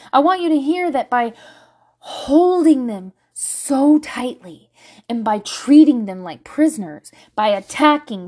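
A woman's voice: high-pitched, darkish tone. A middle-aged woman talking candidly to camera about parenting, blunt and profane, with lots of filler words. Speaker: parent vlogger. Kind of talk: candid casual monologue.

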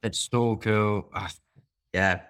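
A man's voice: lowish voice, steady tone, takes it slowly, fairly bright tone, clean tone. A man hosting a podcast, giving the intro and chatting frankly with his co-host. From Scotland. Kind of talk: podcast intro and casual chat.

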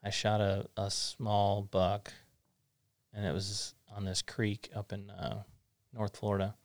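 Low, gravelly middle-aged male host. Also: monotone, slow pace, no echo. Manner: easygoing, rambling, thinks aloud with fillers. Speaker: podcast host. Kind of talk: casual interview chat.

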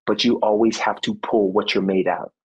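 A man in his thirties, a former football player, telling a personal story in a podcast interview, earnest and animated, acting out what people said. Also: lowish voice, moderate pace, breathy edge, lo-fi sound. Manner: faith-centered, reflective. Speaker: guest, former football player and motivational speaker.

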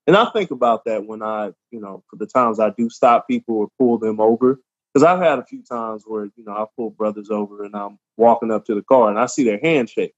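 Calm cop guy on a podcast, even measured talk, muffled lo-fi audio. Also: fairly low pitch. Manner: calm, measured, explains at length. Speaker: police officer. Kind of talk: casual podcast conversation.

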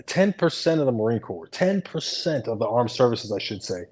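A man co-hosting a podcast in casual chat, his pitch sitting right in the middle for a man. He talks in an animated, rambling way, full of fillers and frank swearing. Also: normal speed, slightly rough. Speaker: podcast co-host.

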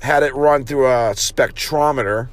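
A man hosting a comedy podcast, rambling along in a deadpan, hesitant chat. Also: mid-range voice, measured pace, no echo.

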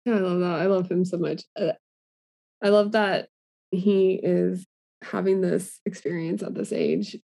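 A woman's voice: fairly low pitch, expressive, unhurried, creaky, mellow. A woman co-hosting a podcast, musing casually and enthusiastically. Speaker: podcast co-host. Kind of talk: casual conversation.

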